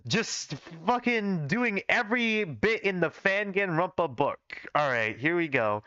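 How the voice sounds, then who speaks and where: A man's voice: high-pitched, lively intonation, measured pace, hardly any pauses, bright, forceful tone, clear, resonant tone, dry recording. A young man on a livestream reading his old fan fiction aloud, cursing, stumbling and teasing himself between lines. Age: young adult. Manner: self-mocking, swears, stumbles and laughs at his old writing. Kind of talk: casual livestream reading with self-commentary. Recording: dull, dry livestream audio.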